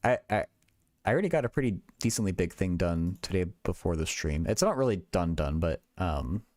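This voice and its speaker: A man's voice: sits low, expressive, brisk, a little mellow, dry recording, clean studio sound. A young man hosting a casual livestream, thinking aloud in a rambling way with many stammered restarts. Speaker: livestream host.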